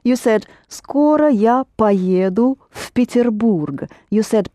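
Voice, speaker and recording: A woman teaching a lesson, patiently prompting students and correcting them, slowing down to model phrases. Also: medium pitch, animated, warm tone, dry recording, clean studio sound. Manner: patient, prompting and correcting, slows for Russian words. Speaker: Russian language teacher.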